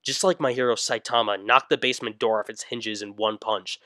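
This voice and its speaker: A man narrating a comic internet greentext story, mostly deadpan but breaking into sudden yelled outbursts. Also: lowish voice, brisk, no room sound.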